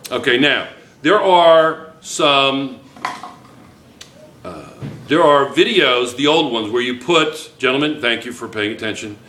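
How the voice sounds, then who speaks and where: A man's voice: medium pitch, slow pace, roomy sound, a little hiss or hum. Man teaching a class, quizzing students. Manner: lively, keeps checking students with "yes or no?". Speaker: chemistry teacher. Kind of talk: classroom lecture.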